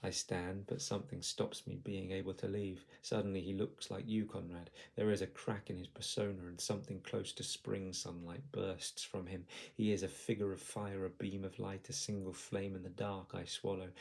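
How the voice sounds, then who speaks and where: A man, the author, reading his own novel aloud in a measured, lyrical way. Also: sits low, flat delivery, vocal fry, a little mellow.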